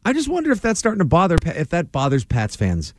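A man's voice: fairly high pitch, fast talker, no echo. Rambling New man, dry close mic. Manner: rambling, animated, full of fillers. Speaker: podcast co-host. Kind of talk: casual sports talk.

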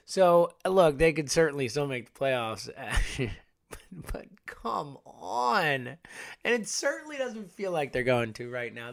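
A young man hosting a casual sports talk, ranting in frustration, his voice swinging from loud outbursts to quiet mutters. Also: fairly high pitch, creaky, no echo, studio quality. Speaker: sports podcast host. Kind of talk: casual sports commentary monologue.

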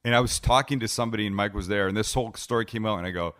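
The cooking host's voice runs on the low side, racing along with hardly any pauses. Middle-aged and relaxed at home in his living room, he tells animated stories for a podcast and performs each exchange of dialogue.

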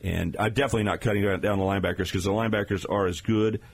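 A man in studio breaks down football play by play with firm emphasis. His voice sits low and carries a husky grain. He speaks as a guest analyst on sports radio. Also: steady tone, racing. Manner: emphatic, explanatory.

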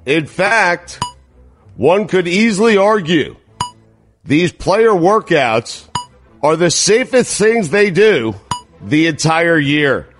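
A man co-hosting a sports radio show from home, reading out wry, deadpan jokes. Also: a little high. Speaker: radio co-host. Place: home, video call.

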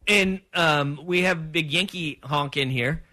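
A man hosting a sports talk radio show, chatting in an animated way and acting out his own reactions. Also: fairly high pitch, measured pace.

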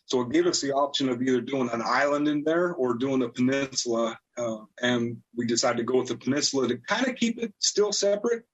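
A man's voice: medium pitch, animated, a little fast, few pauses, slightly rough, highs cut off. A middle-aged man, a cabinet designer, talking as a guest in a friendly, easygoing way with many fillers. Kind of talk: casual interview talk.

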